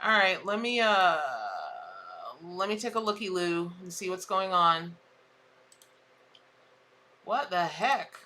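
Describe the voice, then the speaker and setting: A woman, a tarot reader chatting casually on a live stream, exclamatory and quick to laugh at her own jokes. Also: mid-range voice, pushed and bright.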